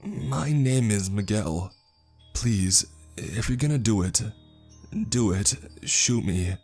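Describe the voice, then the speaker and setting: A meek, tearful Sasquatch as a man puts him on, his voice pushed up high and kept soft and shaky. He pleads gently, with no menace at all. Faint music plays underneath the narrated story. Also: unhurried, lightly acted. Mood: pleading. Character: timid, gentle male Sasquatch. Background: faint background music.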